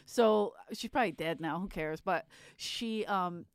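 A woman's voice: on the low side, unhurried, smooth, dry recording, studio quality. Profane woman host telling stories. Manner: profane, animated storyteller, acts out others. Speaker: podcast host. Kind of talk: casual podcast chat. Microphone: studio mic.

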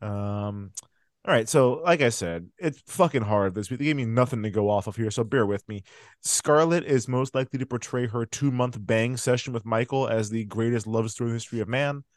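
A man's voice: mid-range voice, brisk, no room sound, clean studio sound. A man hosting a movie podcast in casual chat, swearing freely and laughing easily. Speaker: podcast host.

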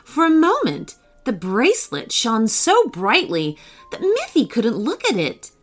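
A woman's voice: on the high side, huge pitch swings, unhurried, a bit bright, faint music behind. A woman hosting a children's story podcast, narrating a storybook tale expressively.

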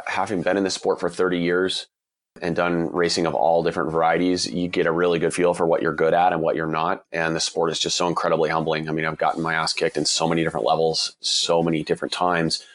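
Very deep-voiced man, slightly husky. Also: completely flat delivery, brisk. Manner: earnest, candid, with frequent restarts. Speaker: guest, endurance cyclist. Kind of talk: reflective interview answers.

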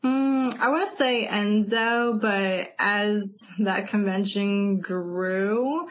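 A woman's voice: medium pitch, extremely slow, a little hiss or hum. A young woman co-hosting a podcast, chatting casually and giving frank opinions. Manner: relaxed, candid, frank opinions. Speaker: podcast co-host. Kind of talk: casual chat.

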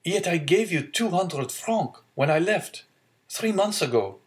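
A man's voice: high voice, lively intonation, unhurried, voice pushed up. A man voicing an earnest, devoted young male sailor in an audiobook, talking to his father. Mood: dismayed. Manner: earnest, pleading. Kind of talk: audiobook character reading.

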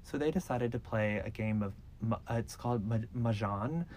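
A man with a lowish, darkish voice hosts a podcast, speaking at a moderate pace over slight background noise. His true-crime retelling is relaxed and loose, packed with "like" and "so."

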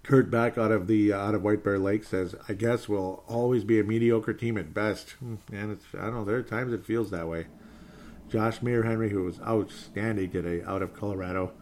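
A lower-pitched man runs a relaxed sports show and works through listener comments one by one. He talks in a loose, chatty way, with fillers and small chuckles between readings. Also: moderate pace. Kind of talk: casual sports podcast chat.

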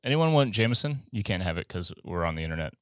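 Brief: male co-host, low voice, swears casually, dry sound. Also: very animated, quick pace, no room sound. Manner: crude joking, swears freely. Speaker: podcast co-host. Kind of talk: casual podcast chat.

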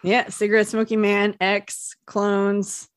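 A woman's voice: medium pitch, flat delivery, slow pace, no echo, studio quality. A woman co-hosting a podcast, chatting casually and sharing background trivia about an episode. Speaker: podcast co-host. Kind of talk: casual chat.

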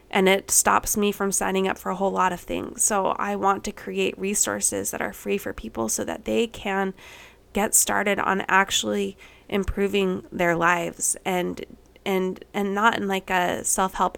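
A woman's voice: mid-range voice, creaky. A pregnant woman in her thirties hosting her own podcast, talking candidly and a little emotionally with many ums and restarts. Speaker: podcast host. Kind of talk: personal podcast monologue.

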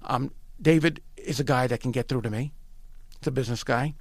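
A man's voice: mid-range voice, brisk, a little mellow, dry recording. A middle-aged man from New York with a New York accent, telling a story as a podcast guest, emphatic and repeating himself, quoting dialogue. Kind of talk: animated storytelling.

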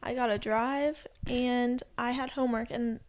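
A woman's voice: a little high, fairly even intonation, unhurried, darkish tone. A young adult woman in casual chat with friends, teasing and arguing her point playfully. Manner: playful, argumentative.

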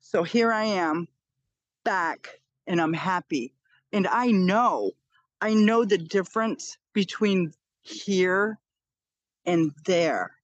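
A woman's voice: fairly low pitch, animated, takes it slowly, long pauses, dry recording, dull audio. A woman in her fifties, a podcast guest, earnestly telling a personal story and repeating phrases for emphasis.

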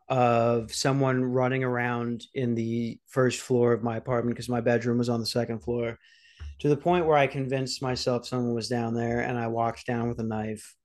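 Young man, podcast host, casual storytelling, swearing, does voices for quotes. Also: mid-range voice. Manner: rambling, swearing, acts out quotes.

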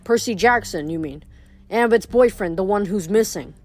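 A woman's voice: medium pitch, lively intonation, normal speed, close to an everyday voice. A woman voicing a defiant teenage boy. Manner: urgent, incredulous, raised.

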